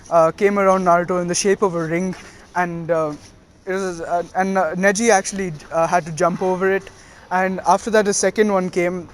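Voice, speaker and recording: A man's voice: high voice, smooth. A man casually retelling a fan-made story, hesitant and full of fillers.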